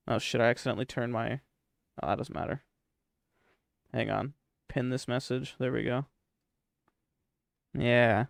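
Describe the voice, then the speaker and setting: A man's voice: medium pitch, fairly even intonation, unhurried, creaky, pauses often, no room sound, studio quality. A young man streaming a game live, joking and swearing as he chats with his viewers at a desk microphone. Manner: profane, joking, talks to chat. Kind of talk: casual live-stream chat.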